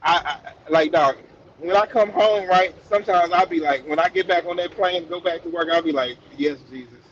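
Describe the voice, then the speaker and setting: A man's voice: sits high, fairly quick, fairly bright tone, lo-fi sound. A man co-hosting a casual podcast, laid-back and rambling, often restarting his sentences. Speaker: podcast co-host. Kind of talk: casual chat.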